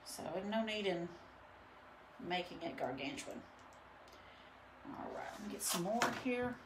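A woman's voice: lowish voice, lively intonation, unhurried, noisy background. A woman chatting casually through a live painting demo, rambling with lots of fillers. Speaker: painting instructor and studio owner. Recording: roomy echo.

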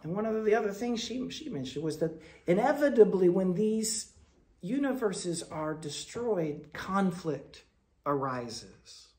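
A man delivering a Quaker sermon in a storytelling manner, moving between loud bursts and soft, low asides. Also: sing-song, a little slow. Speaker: speaker at a Quaker meeting.

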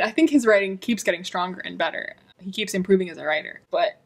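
A woman's voice: medium pitch, fast, vocal fry, breathy edge. A woman hosting a book channel, talking in a chatty, gushing way in a casual vlog.

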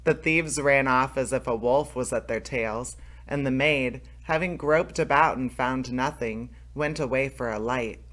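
Man, fairy tale narrator, steady read-aloud, middle pitch. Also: unhurried. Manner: steady reading, small restarts. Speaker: storyteller, channel host.

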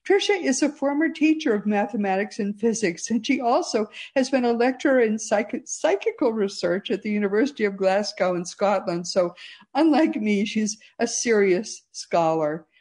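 A woman's voice: medium pitch, moderate pace. Enthusiastic American woman talk host. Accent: neutral American. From Massachusetts, USA. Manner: enthusiastic, lively, chatty. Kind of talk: radio talk show interview.

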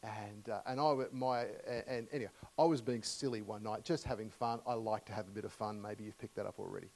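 A middle-aged Australian man preaching a sermon in a church, telling humorous stories warmly with many fillers and restarts. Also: on the low side, fairly even intonation, quick pace, rough recording. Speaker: guest preacher. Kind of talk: storytelling sermon.

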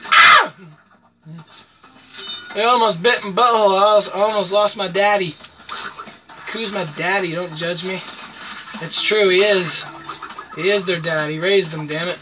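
A gamer giving casual, profane gameplay commentary, yelping and shouting whenever the game goes wrong. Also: medium pitch, fairly even intonation, normal speed, noisy background. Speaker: let's play gamer. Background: game music.

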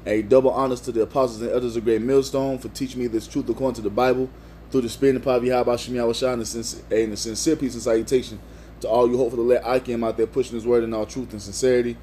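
A man's voice: mid-range voice, flat delivery, fast, warm tone, slight background noise. A man preaching in a video sermon, reading scripture and driving each point home with repeated "man" and "you see.".

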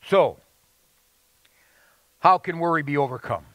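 Male pastor, high voice, dry close sound, earnest sermon with folksy stories. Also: a little slow, a bit bright, dry recording. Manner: earnest preaching with folksy anecdotes and call-and-response.

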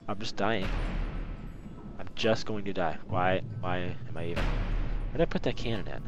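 A man's voice: low-pitched, moderate pace, poor audio. A man casually commentating a video game as he plays, muttering to himself and reacting to what happens on screen. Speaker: gameplay commentator. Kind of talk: casual let's play commentary. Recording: game music behind the voice.

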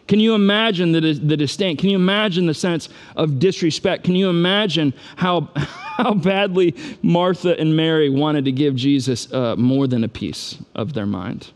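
A man's voice: fairly high pitch, a little mellow. A man preaching a sermon as a pastor, retelling the story in a casual, joking way and building to urgent, repeated appeals.

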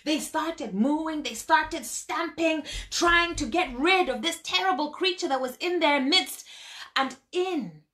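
A woman storyteller narrating a folk tale in an animated way, with sound effects and vivid emphasis. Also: high voice, takes it slowly.

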